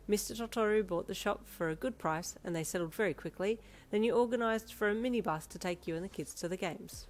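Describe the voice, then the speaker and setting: A woman narrating a second-person fan fiction story in an expressive storytelling manner. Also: medium pitch.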